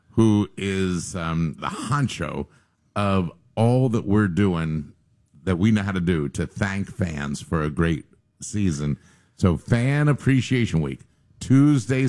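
A man's voice: fairly low pitch, a little mellow. A man who is a team president, chatting and praising his staff in a casual radio interview.

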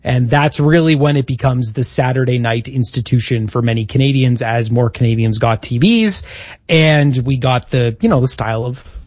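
A man's voice: medium pitch, normal speed, darkish tone, dry recording, dull audio. A man co-hosting a casual chat, telling history from his notes. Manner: storytelling, reading out history notes. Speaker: podcast co-host.

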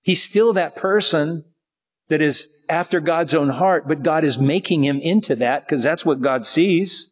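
Man, pastor, sermon, husky slightly high voice, long hall reverb. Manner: conversational preaching, reads scripture slowly.

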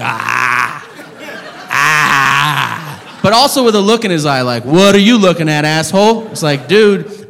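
A man telling a profane stand-up story, with loud outbursts when he acts out the people in it. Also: fairly high pitch. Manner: profane storytelling, acting out shouted characters. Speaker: stand-up comedian. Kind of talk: stand-up comedy set. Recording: live club, long reverb and room noise. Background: audience laughter.

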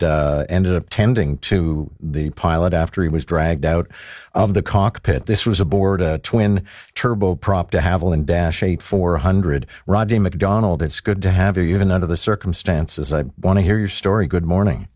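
Talk radio host, male, very low voice, brisk conversational delivery, dry studio sound. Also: darkish tone, dry recording. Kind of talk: radio talk show interview.

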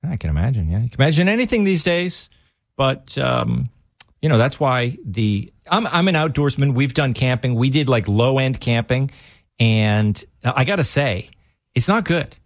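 A man's voice: mid-range voice, animated, normal speed, creaky, no room sound, clean studio sound. A man with a Massachusetts accent, co-hosting a casual chat and telling long, rambling stories full of restarts. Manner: rambling storyteller, many restarts.

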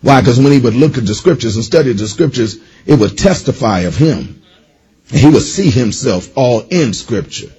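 A man delivers a sermon in a rough, husky voice that sits at an ordinary middle pitch. He preaches emphatically, with repeated affirmations and rhythmic calls to the listeners. Now and then he drops into casual, joking asides. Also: expressive, moderate pace, dark tone, muffled recording. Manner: emphatic call-and-response preaching; informal, playful asides.

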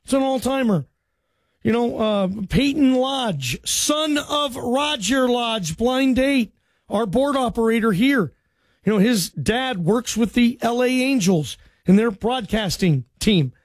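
A man's voice: extremely high pitch, animated, takes it slowly, dry recording. A man hosting a sports radio call-in show, friendly and chatty, thanking callers and asking his crew questions. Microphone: studio microphone.

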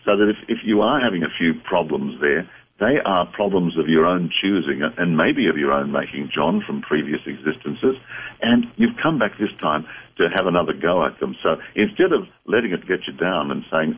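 Deep husky guy, psychic guest on radio talk, calm and measured, tinny phone sound.

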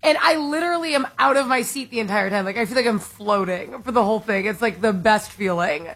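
A woman with a high, slightly breathy voice chats as a radio co-host, animated and quick to laugh. Her stories tumble out in a casual, excited way, with faint music underneath. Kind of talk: casual chat.

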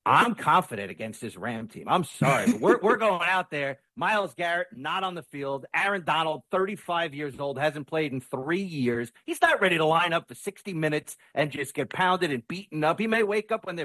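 A man giving excitable, stumbling takes as a guest on a sports podcast. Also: fairly high pitch, normal speed, hardly any pauses, no echo. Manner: excitable, repeats words when starting. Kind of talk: casual sports talk.

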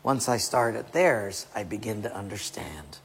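A man preaching a sermon with a gravelly, husky voice, acting out scenes in changing voices. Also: fairly low pitch, animated, unhurried. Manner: acts out biblical and household scenes in shifting voices. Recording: long reverb of a large hall.

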